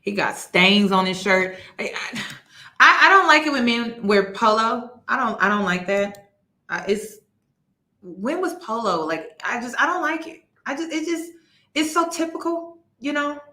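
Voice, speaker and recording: A woman's voice: fairly high pitch, pushed and bright. Incredulous woman host in an echoey room. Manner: incredulous, mocking, emphatic. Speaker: commentary host. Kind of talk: reaction commentary.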